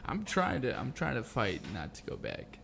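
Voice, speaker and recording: A man's voice: mid-range voice, huge pitch swings, vocal fry, fairly bright tone. Stammering man, faint room noise. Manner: halting, stammering, repeats words. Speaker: guest. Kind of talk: casual chat.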